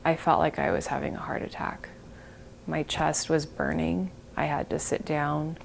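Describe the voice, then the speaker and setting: A middle-aged woman giving an emotional interview, halting and breaking off, sometimes dropping to a whisper. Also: low-pitched, level tone, vocal fry, slight background noise. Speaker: interviewee, bereaved mother.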